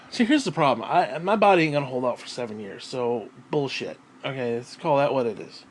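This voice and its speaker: A man ranting casually at home, profane and rambling, often clearing his throat and short of breath. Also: medium pitch, animated, a little fast, slight background noise. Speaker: vlogger.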